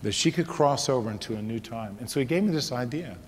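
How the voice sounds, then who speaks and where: A middle-aged man telling a personal story to an audience, his delivery swinging from loud exhortation to hushed, quiet tones. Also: mid-range voice, expressive, fast talker. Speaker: speaker. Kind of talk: storytelling talk. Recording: reverberant hall with faint noise.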